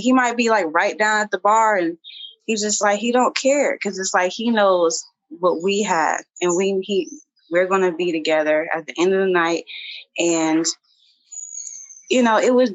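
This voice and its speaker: A woman guest on a podcast, talking in a relaxed, chatty way with plenty of fillers. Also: mid-range voice, dry recording, dull audio. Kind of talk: casual podcast conversation.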